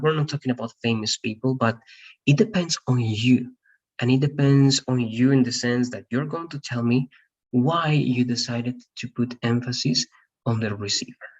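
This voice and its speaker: Teaching English grammar online, this man patiently explains things and checks comprehension by repeating "all right?" His medium-pitched voice is a little mellow and slightly rough, and the recording has its highs cut off.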